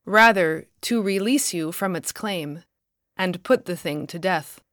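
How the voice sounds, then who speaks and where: A woman lends her voice to the Lord, a calm and grave divine figure in a spoken storybook. He speaks slowly and steadily, with gentle authority. The sound is close and dry. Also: fairly low pitch, no room sound. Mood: solemn. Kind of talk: storybook reading.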